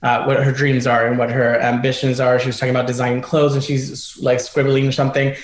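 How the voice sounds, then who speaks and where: Animated male guest in a roomy space. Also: mid-range voice, quick pace. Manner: animated storyteller, playful mimicry. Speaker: guest actor. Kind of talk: casual film discussion.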